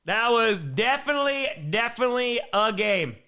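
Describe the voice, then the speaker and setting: A man doing excitable live play-by-play and reactions on a stream, reading out fan messages, a bit out of breath. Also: fairly high pitch, normal speed. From Wisconsin, United States. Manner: excitable, hyped, reads fan messages aloud.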